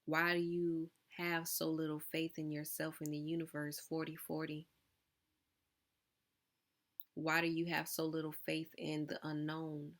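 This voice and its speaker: A woman with a low-pitched voice gives a collective tarot reading. She fires off probing, searching questions at her listeners, then breaks off for loose, casual asides. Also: monotone, unhurried, fairly bright tone. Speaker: tarot reader.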